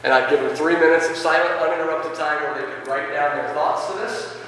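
A man demonstrating a lesson for teachers, animated and expressive, questioning his audience and reading passages aloud with feeling. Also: on the high side, a little fast, a little hiss or hum. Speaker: teacher leading a teacher workshop. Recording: echoey hall, from a distance.

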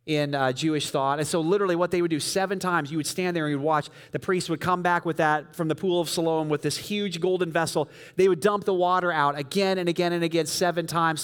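A man preaching a sermon, telling the story vividly and swinging from loud emphasis to soft, quiet lines. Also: on the high side. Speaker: pastor.

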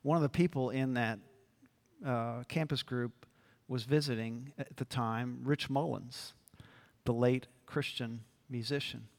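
Guy preaching in a big echoey church, slow and deliberate, keeps asking the room okay? right?. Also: medium pitch, steady tone. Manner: earnest, builds to emphatic peaks, checks in with the congregation. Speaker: pastor. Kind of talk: sermon. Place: church sanctuary. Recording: long reverb of a large hall.

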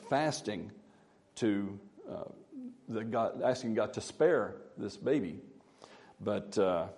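A man giving a Bible teaching in a halting way with many fillers, reading scripture aloud with more emphasis. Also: lowish voice, a little mellow.

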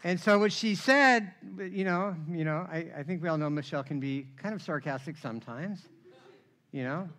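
A middle-aged male pastor preaching a sermon with personal testimony, telling his story with lively energy, acting out quoted voices and often asking "right?". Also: a little high, normal speed, some chatter behind, slight background noise.

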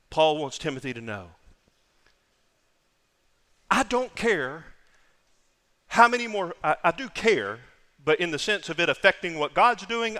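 A man's voice: high voice, sharp tone, big-room sound. A man preaching a sermon as pastor, emphatic, repeating phrases for stress.

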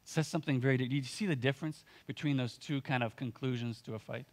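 A man's voice: medium pitch, quick pace. A man preaching a sermon as pastor, earnest and conversational, often using filler words and restarting his sentences.

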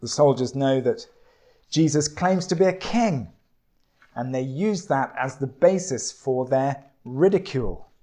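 A man preaching a sermon, telling a story and reading scripture in a measured, deliberate way. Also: mid-range voice, dark tone.

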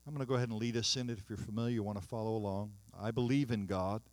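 A man preaching a sermon, building to fervent declarations and then leading a hushed recitation of the creed and confession. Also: fairly even intonation, dry recording. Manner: fervent, rising declarations with long pauses; hushed, low liturgical recitation. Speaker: pastor.

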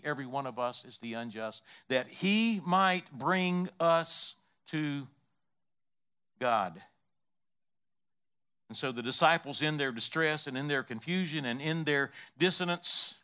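A man preaching a sermon, emphatic and repetitive, building long lists and suddenly dropping to a hush. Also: medium pitch, clear, resonant tone. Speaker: pastor.

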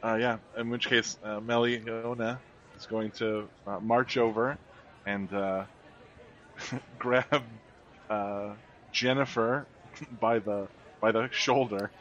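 A man's voice: fairly low pitch, steady tone, fairly bright tone. A man playing a tabletop role-playing game, describing his character's actions with laughs and many fillers. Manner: laughing, halting, lots of fillers. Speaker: player. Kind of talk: tabletop role-play banter. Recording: dull lo-fi sound.

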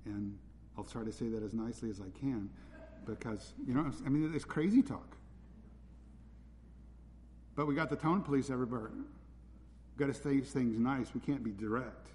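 A man's voice: medium pitch, moderate pace, long pauses, slight background noise. A man preaching a sermon as a pastor, blunt and direct in his delivery. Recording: reverberant hall.

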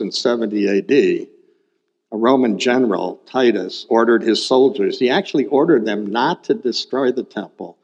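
A man's voice: fairly low pitch, a little mellow. A male pastor preaching a sermon, explaining a Bible passage and repeating key points for emphasis. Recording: dull recording with long hall reverb.

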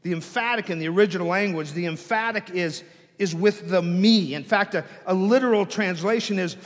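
With a high voice and a normal pace, this man preaches a dramatic sermon as pastor, moving from quiet whispers to loud swells. He restarts phrases and repeats words often, all heard through long hall reverb.

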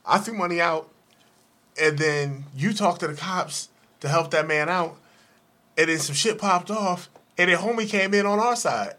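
A man's voice: high-pitched, normal speed, bright, forceful tone. A man co-hosting a casual chat show, telling profane stories and acting out other people's voices. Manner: profane, laughing, acts out voices in anecdotes. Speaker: co-host.

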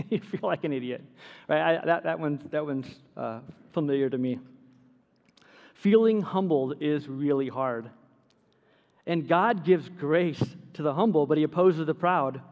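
A man's voice: a little high, unhurried, lo-fi sound. A middle-aged man preaching a sermon as pastor, telling stories with self-deprecating humor. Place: church sanctuary. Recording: long hall reverb.

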